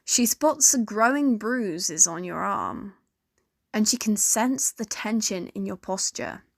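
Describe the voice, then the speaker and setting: Slow, dry-voiced young woman narrating. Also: mid-range voice, gravelly, no echo. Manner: slow, steady, second-person storytelling. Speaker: narrator and voice actor. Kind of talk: second-person fan fiction audio narration.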